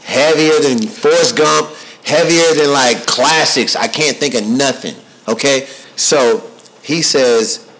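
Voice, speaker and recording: A man's voice: mid-range voice, slow pace, a bit bright, rough recording. A man in his thirties hosting a podcast, telling a story in a casual, slangy way and repeating himself for emphasis. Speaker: podcast host. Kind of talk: casual chat.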